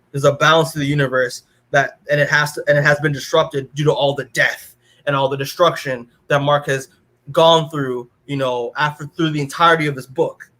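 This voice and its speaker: A man with a slightly bright, mid-range voice co-hosts a comic-book podcast, loosely recapping the plot. He keeps restarting, says "like" a lot, and delivers characters' quotes in his own voice.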